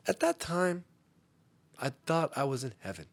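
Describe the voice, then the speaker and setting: Middle-aged man, gravelly voice, lively pitch, profane comedic rant, loud bursts and mumbled asides. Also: moderate pace. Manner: animated, swinging between loud outbursts and muttered asides, profane. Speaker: podcast host.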